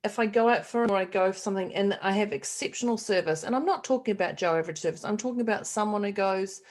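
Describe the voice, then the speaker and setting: A middle-aged woman co-hosting a casual podcast chat, animated and laughing often as she acts out quoted voices. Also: medium pitch, fast talker. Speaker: podcast co-host.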